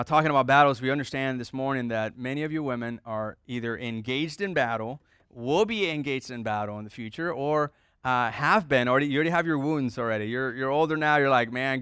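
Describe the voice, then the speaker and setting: A man's voice: mid-range voice, fairly bright tone, clean tone, no echo, studio quality. A man preaching a sermon as pastor, telling a family story in a conversational way and acting out the dialogue.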